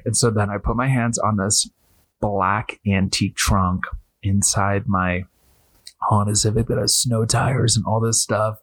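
Husky-voiced man telling a story. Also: on the low side, unhurried, no room sound. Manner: animated, acts out quotes, heavy use of "like". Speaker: podcast host. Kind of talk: storytelling monologue.

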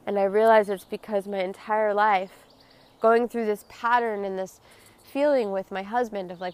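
A woman hosting her own podcast, speaking in an earnest, confessional and emotionally open way, dropping soft and close at tender moments. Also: mid-range voice, fairly even intonation, normal speed, smooth. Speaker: podcast host. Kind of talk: personal reflective monologue.

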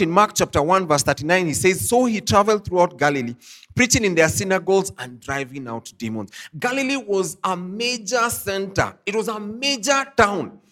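A man preaching an online sermon, who reads scripture aloud slowly and talks to his listeners in a loose, conversational way full of "you know" and "I mean". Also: sits high, a bit bright. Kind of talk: online sermon, Bible teaching.

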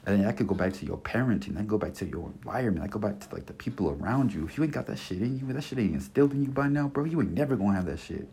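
A man's voice: lowish voice, lively intonation, very fast, creaky, hardly any pauses, warm tone, slightly rough. A man in his twenties giving a blunt, passionate solo podcast rant, full of slang and cursing, circling back and repeating his points. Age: 20s. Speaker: podcast host. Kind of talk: casual monologue rant.

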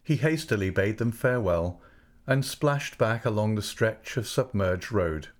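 Guy reading a classic novel aloud, slow and measured, lowish voice. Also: lively intonation. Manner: measured, unhurried literary reading. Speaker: audiobook narrator. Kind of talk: scripted narration of a classic novel.

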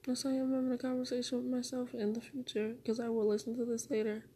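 A woman's voice: on the high side, monotone, fast talker, warm tone, slight background noise. A woman podcasting alone, rambling and swearing as she questions and answers herself. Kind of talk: rambling solo monologue talking to herself.

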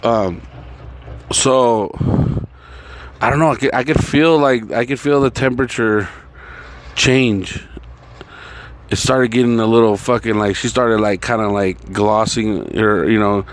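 Over slight background noise, a man with a lowish voice relates a meandering personal story at a measured pace, pausing often. The telling is casual and profane, crammed with "like" and "you know."

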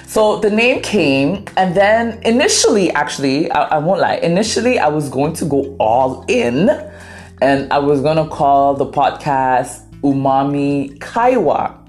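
A woman from Ghana, a native Twi speaker, hosts her podcast as a lively storyteller. She talks playfully and a little dramatically, with a voice that sits on the low side, and faint music plays underneath. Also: unhurried. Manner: animated, dramatic, playful, acts out quoted voices. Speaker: podcast host. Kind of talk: casual storytelling monologue.

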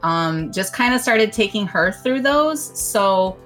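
A woman from Wisconsin co-hosting a gaming podcast, bubbly and quick to laugh, full of "like" and "dude". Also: medium pitch, expressive, a bit bright, soft background music. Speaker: podcast co-host. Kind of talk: casual chat.

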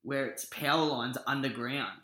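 A man's voice: medium pitch, moderate pace, bright, forceful tone. A young Australian man co-hosting a podcast, rambling and swearing casually from a living-room lounge on a shared mic. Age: young adult. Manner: rambling, sweary, laid-back. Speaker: podcast co-host. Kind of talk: casual chat. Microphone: single shared mic. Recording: roomy echo.

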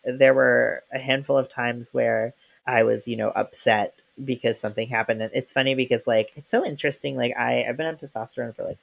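A man's voice: mid-range voice, steady tone, a little fast, gravelly. A young adult man hosting a podcast, talking casually with lots of fillers and frequent laughter. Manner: chatty, laughs often, many fillers. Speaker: podcast host. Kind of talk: casual conversation.

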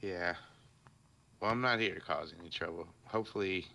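A man speaking casually as a player in a tabletop game, with a very deep voice full of gravel and fry. His tone is bright and edged despite the depth. He talks in an easygoing, hesitant way. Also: moderate pace.

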